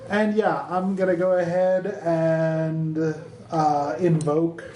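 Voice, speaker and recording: A man's voice: on the high side, little pitch movement, takes it slowly, dark tone. A man playing in a tabletop game, talking in a meandering, scheming way. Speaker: player. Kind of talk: casual tabletop game chat. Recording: roomy with clear background noise.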